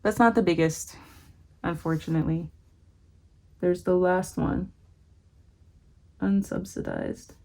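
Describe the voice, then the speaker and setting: Young woman vlogger, low gravelly voice, candid and chatty, reads numbers out slowly. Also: dark tone. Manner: candid, thinks aloud, slow deliberate reading of figures. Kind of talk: casual vlog talking through finances.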